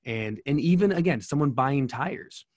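A middle-aged man, a speaker and coach appearing as a podcast guest, tells an earnest story in an interview with many restarts. His medium-pitched voice is a little mellow, with lively intonation, normal speed, and no echo.

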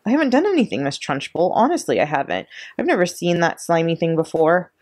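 A woman's voice: fairly low pitch, big pitch swings, a little fast, a little mellow, dry recording, clean studio sound. A woman voicing a small, clever girl who protests being wrongly accused, reading a storybook aloud. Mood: pleading. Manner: protesting, pleading, then defiant.

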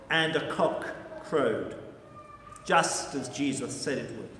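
Male pastor, slow dramatic storyteller, slightly high voice, echoey church with long reverb. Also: a bit bright. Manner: slow, vivid, measured storytelling. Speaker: team rector preaching.

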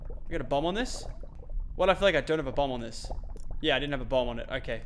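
Excitable Australian young man gaming. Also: mid-range voice, fast talker, a little hiss or hum. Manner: excitable, shouts and groans at the game, talks to himself. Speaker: gaming channel host. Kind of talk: excitable let's-play commentary.

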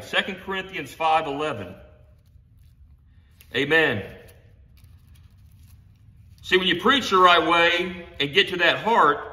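A man preaching an impassioned sermon in his home garage. He punctuates his points with "Amen" and "honey" and stumbles into quick restarts. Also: a little high, bright, forceful tone. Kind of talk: fervent sermon. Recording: echoey garage room sound.

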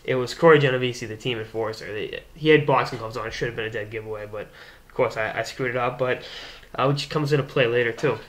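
A young man from the Boston area, a hockey blogger hosting his own show, telling a rambling, animated anecdote to camera. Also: mid-range voice, quick pace. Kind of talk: casual storytelling to camera.

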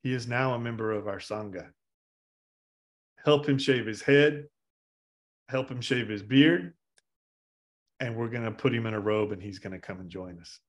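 A man voicing a serene male spiritual master who speaks low, soft, slow and measured. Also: lightly acted. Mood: calm.

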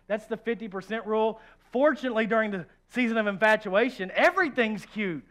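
High-voiced animated male preacher. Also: fast talker, few pauses. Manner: animated, joking, swings from hushed to loud; acts out quoted voices. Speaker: pastor. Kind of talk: sermon.

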